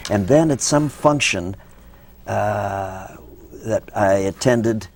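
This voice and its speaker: A man's voice: fairly low pitch, slow. An older man from Minnesota, a guest actor telling rambling stories of his career. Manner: rambling storyteller, acts out quotes. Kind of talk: anecdotal interview talk.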